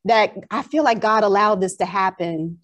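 New york lady telling a faith story, animated, drawl slips in, casual chat. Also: mid-range voice, moderate pace. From Long Island, New York.

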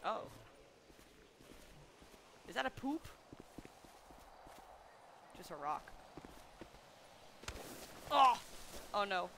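A woman streaming a game roleplay, chatting excitably and calling out to her in-game dog while hunting. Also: a little high, drawn-out words, long pauses, a little hiss or hum.

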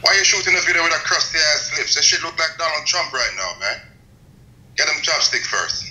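A man's voice: a little high, big pitch swings, brisk, sharp tone, roomy sound, a little hiss or hum, low-quality recording. A man on a video call roasting the person he is chatting with in a mocking, trash-talking tone. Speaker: video chat stranger.

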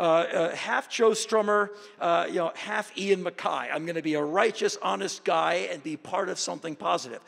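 A man giving a live storytelling talk to an audience as a guest speaker, intense and emphatic, with loud bursts. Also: fairly high pitch, creaky. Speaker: guest speaker at a university event. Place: auditorium. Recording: reverberant hall.

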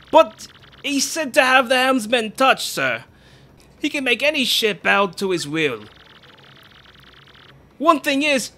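Brief: man putting on a rough-spoken old pirate sailor, loud and lively, bright tone. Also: very high voice, pitched above the performer's own voice, heavily acted. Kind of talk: reading game dialogue aloud.

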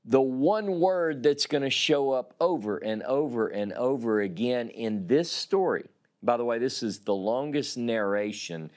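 A man teaching a Bible class, reading scripture aloud slowly and dramatically and explaining it. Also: medium pitch, a little mellow.

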